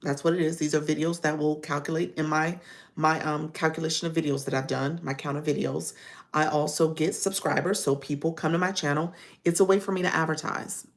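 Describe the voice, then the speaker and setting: A woman with a Chicago accent chats loosely through a livestream, rambling and laughing. Her voice sits low with a gravelly, fry-heavy edge. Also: steady tone, brisk. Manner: chatty, rambling, laughs often. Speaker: live-streaming coach. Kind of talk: casual livestream talk.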